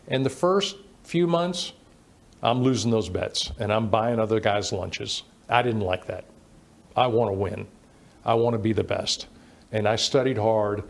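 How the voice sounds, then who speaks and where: A middle-aged man recounting his past as an interview guest. He tells animated anecdotes and slips into the voices of the people he quotes. His voice sits at an ordinary male pitch. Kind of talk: storytelling in a conversational interview.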